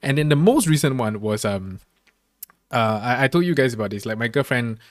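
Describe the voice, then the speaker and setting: Animated man telling stories on a podcast. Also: a little fast, dry recording, clean studio sound. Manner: animated storytelling, acts out his own outbursts with loud jumps in pitch; laughs often while talking. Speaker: podcast co-host, comedian. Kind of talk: casual podcast chat.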